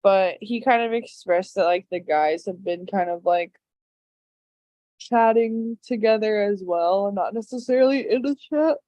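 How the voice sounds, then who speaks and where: A woman's voice: medium pitch, measured pace, warm tone, dry recording. A young woman, a game contestant, talking in a hesitant confessional with many fillers. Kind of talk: casual confessional interview.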